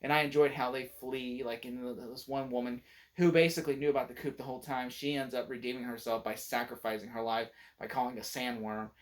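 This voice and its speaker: Rambling, excitable male movie reviewer. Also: mid-range voice, fast talker. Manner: rambling, many filler words and restarts, excited retelling of scenes. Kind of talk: casual spoken movie review.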